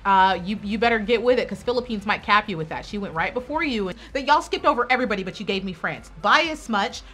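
A woman hosting her own reaction video, giving animated, sassy running commentary with bursts of excited exclamation. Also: mid-range voice, quick pace. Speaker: pageant reaction video host.

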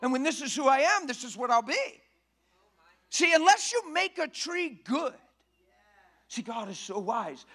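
A male preacher with a strikingly high voice delivers a sermon in a church. His tone is bright and forceful, and his delivery is folksy and emphatic, swelling into shouts. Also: very animated, a little slow, long pauses.

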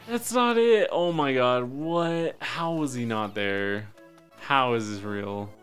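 A man streaming a game live, cursing and talking to himself, swinging between loud high yelps and low muttering. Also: very animated, slow, soft background music. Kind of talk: live gameplay commentary.

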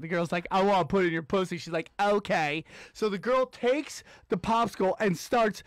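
A man co-hosting a podcast, telling a crude story in casual chat and acting out the quotes, sometimes shouting. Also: high voice, normal speed, no echo, clean studio sound. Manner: animated, shouts and acts out quotes. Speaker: podcast co-host. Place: studio.

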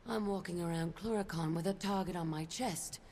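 A woman's voice: lowish voice, brisk, a little mellow, a little hiss or hum, lightly acted. Woman playing a blunt tough soldier. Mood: wry. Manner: blunt, wry. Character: tough, blunt female soldier, loot-hungry.

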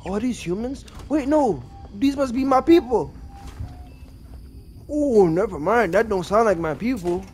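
A man's voice: sits high, animated, a little slow, darkish tone, soft background music. A man giving casual gameplay commentary, apologetic and rambling, with a lot of slang and self-mockery. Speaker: gaming video creator.

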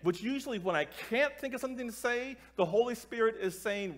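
A man's voice: high voice, normal speed, few pauses. A middle-aged man giving a storytelling talk to a church gathering, acting out the voices of the people in his story. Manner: animated, acts out voices in his stories, breaks into tearful laughter. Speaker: keynote speaker.

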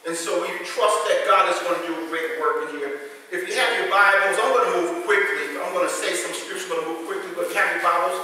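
A man's voice: high-pitched, quick pace, bright, forceful tone, slight background noise. A man preaching a sermon as pastor, calling out for the congregation to answer back and explaining scripture word by word. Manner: calls out for congregation response. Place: church sanctuary. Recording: echoey hall from far off. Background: congregation responding.

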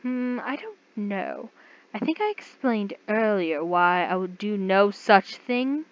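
A woman's voice: mid-range voice, big pitch swings, slow, lo-fi sound. Woman reading as an obsessive possessive man. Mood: soft menace. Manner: soft-spoken and menacing, then pleading.

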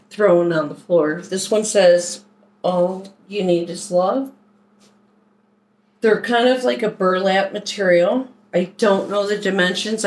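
A woman from Philadelphia, her voice on the low side and the recording low in quality, unpacks a shopping haul while chatting casually. Her manner stays chatty and unhurried, typical of a laid-back haul video.

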